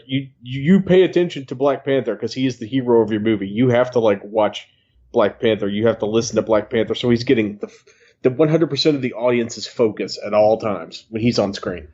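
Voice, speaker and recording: A man with a voice of middling pitch, heard through a slightly dull, lo-fi mic. He co-hosts a film review podcast in casual chat, measured and thoughtful with some hesitations. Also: darkish tone. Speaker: podcast co-host.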